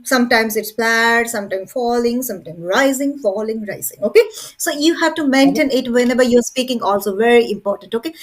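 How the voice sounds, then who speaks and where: A high-pitched woman, teaching a class. She drills each point, repeating "okay" and "very important" as she goes. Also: fairly bright tone. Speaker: English teacher. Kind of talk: online class lecture.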